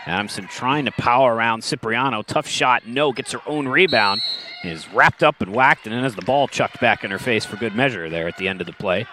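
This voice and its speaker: A man calling a live basketball game as play-by-play commentator, with brisk, excitable calls and wry asides. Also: mid-range voice, a little hiss or hum.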